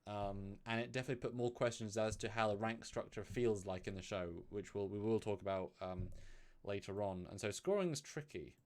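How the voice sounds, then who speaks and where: A man's voice: lowish voice, brisk. Chatty man co-hosting a live stream. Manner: chatty, loose, many fillers and restarts, pleads for donations. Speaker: co-host of a live review stream. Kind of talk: casual live-stream discussion.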